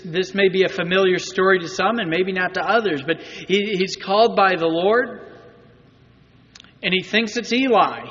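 A pastor's high, edged voice echoes with long reverb around a church sanctuary, heard through a muffled recording. He delivers his sermon conversationally, regularly putting rhetorical questions to the congregation.

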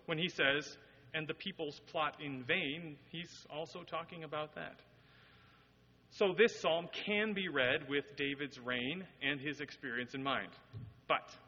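A man's voice: medium pitch, sharp tone, slightly rough. A man preaching a sermon, explaining scripture earnestly and reading verses with rising emphasis. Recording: dull audio with long hall reverb.

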